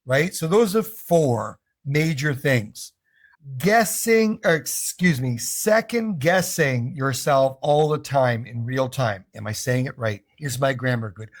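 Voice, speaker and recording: Animated American man coaching English. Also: a little high. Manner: animated storyteller who acts out voices. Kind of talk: casual talk to camera.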